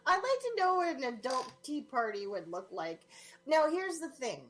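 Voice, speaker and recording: A woman hosting a casual chat show, bubbly and quick to laugh. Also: sits high, very animated, fairly bright tone, a little hiss or hum. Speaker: podcast co-host.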